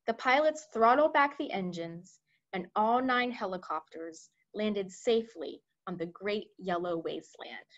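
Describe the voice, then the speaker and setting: A woman reading a children's book aloud with expressive storytelling. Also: medium pitch. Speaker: reader.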